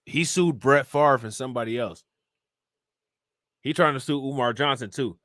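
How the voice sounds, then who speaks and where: A man's voice: mid-range voice, moderate pace, a bit bright, no echo, clean studio sound. A man hosting a live-stream crime show, talking loosely and conversationally, reading reports aloud and keeping asking the viewers questions. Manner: loose and conversational, keeps asking "you know what I'm saying?"; reads charges and reports aloud, then reacts and questions viewers. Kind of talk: casual live-stream commentary reading news and chat.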